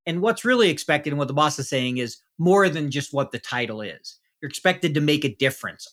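A man's voice: medium pitch, fairly bright tone. A man hosting an interview podcast, affirming his guest and thinking aloud in a conversational way. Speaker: podcast host.

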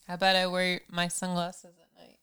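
A woman's voice: lowish voice, pushed and bright, smooth. A woman co-hosting a casual family podcast, wry and prompting the others to speak. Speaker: podcast co-host.

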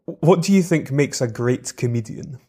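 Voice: medium pitch, expressive, moderate pace, dark tone, slightly rough. An interviewer asking a comedian questions, with brief encouraging replies in between.

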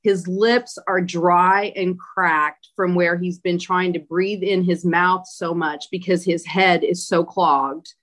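A woman's voice: on the low side, steady tone, slow pace, few pauses, a bit bright. A woman giving an interview, retelling a personal experience emphatically with many fillers. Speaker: interview guest. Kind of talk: personal account in a conversational interview.

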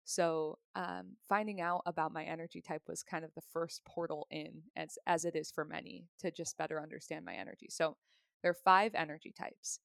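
A woman with a low, gravelly voice talks through ideas on a podcast. She explains in a chatty, easygoing way and laughs now and then. The sound is close and dry, with no room around it. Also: steady tone, brisk, fairly bright tone, no room sound. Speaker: podcast guest, human design reader. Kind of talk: casual podcast conversation.

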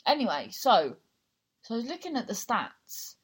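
A young woman with a Cornish accent chats through a casual podcast episode and drifts from tangent to tangent. Her pitch rises and falls a lot as she talks. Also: big pitch swings, normal speed, breathy edge. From Cornwall, England. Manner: chatty, rambling, prone to tangents. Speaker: podcast host. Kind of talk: casual chat.

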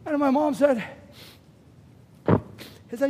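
Guy with a really high voice preaching a sermon, emphatic, repeats stuff for stress. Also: expressive, unhurried, pauses often, slightly rough. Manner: emphatic preaching with sudden loud bursts.

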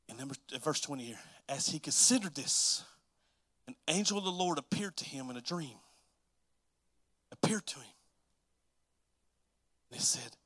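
Guy preaching, chatty and laughing, high voice, dry close sound. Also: animated, normal speed, long pauses, pushed and bright, no room sound. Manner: chatty, laughing, acts out Bible figures. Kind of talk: sermon.

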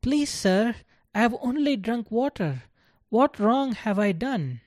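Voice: mid-range voice, sing-song, slow pace, darkish tone, no room sound, clean studio sound, voice pushed up. A narrator voicing a frightened young schoolboy who pleads politely, in a storybook reading. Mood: pleading.

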